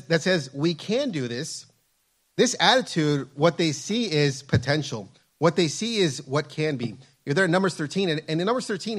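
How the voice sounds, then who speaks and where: A man's voice: a little high, a bit bright, breathy edge. A man preaching a sermon, reading scripture aloud and repeating his phrases with fervent emphasis.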